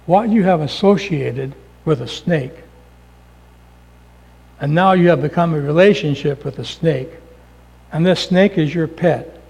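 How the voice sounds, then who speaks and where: A man preacher playing a calm male veterinarian who speaks low, hushed and slowly. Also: vocal fry, slightly rough, in a large hall, heavily acted, poor audio. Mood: grave.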